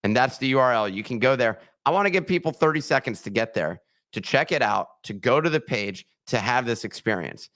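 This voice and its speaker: A man co-hosting a casual podcast chat, talking in an animated way and walking listeners through steps. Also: medium pitch, a little fast. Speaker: podcast co-host.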